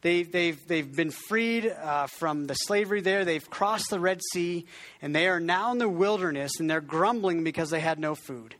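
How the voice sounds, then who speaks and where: A man's voice: on the high side, normal speed, a bit bright. Conversational man preaching a sermon. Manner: conversational, self-deprecating, frequent restarts; has the congregation repeat words. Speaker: pastor.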